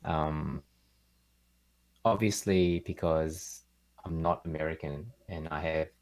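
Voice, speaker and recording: A man with a New Zealand accent, chatting as a guest over a video call in a relaxed, rambling way with lots of fillers. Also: very deep voice, slow pace. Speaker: guest, keyboard builder and streamer.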